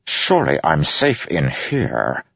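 A man's voice: low-pitched, very animated, normal speed, vocal fry, fairly bright tone, husky, no echo, voice pushed up, heavily acted. A man voicing a proud young prince who speaks bluntly and sounds exasperated, on a dull, lo-fi recording.

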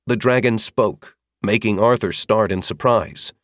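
A man narrating an audiobook fantasy chapter with expressive, varied storytelling. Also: fairly low pitch, a little slow, dry recording, studio quality. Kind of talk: scripted narration.

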